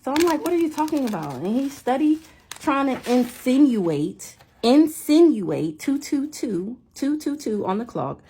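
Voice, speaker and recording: A young woman telling a story in a casual vlog rant, animated and incredulous, repeating herself. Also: high-pitched, a little slow, slightly rough. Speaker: vlogger.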